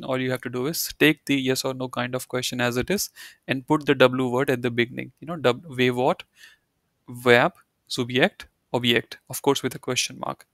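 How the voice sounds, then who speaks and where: A man's voice: medium pitch, fairly bright tone, no room sound, studio quality. A man teaching a German lesson, explaining step by step and often repeating key points with "you know" and "right". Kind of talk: live online language lesson.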